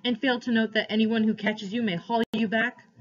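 A woman voicing a big, gruff bearded man who booms stern, mocking questions, in a dull lo-fi recording. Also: steady tone, normal speed, natural voice. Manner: booming, demanding questions.

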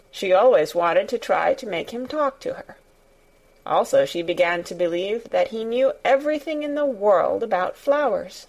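A woman reading a storybook aloud as narrator, in a measured, even storytelling manner. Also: mid-range voice, low-quality recording. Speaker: audiobook narrator.

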